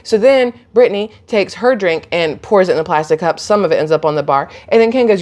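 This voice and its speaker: A woman's voice: lowish voice, brisk, few pauses. Chatty woman telling a story on her phone. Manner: animated, chatty, laughs and gasps while retelling. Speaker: vlogger. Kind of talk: casual storytelling to camera.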